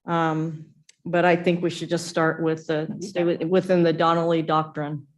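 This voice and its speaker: Woman commissioner; even, low delivery with frequent ums. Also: moderate pace. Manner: hesitant, many ums. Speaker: commission member. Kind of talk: meeting discussion.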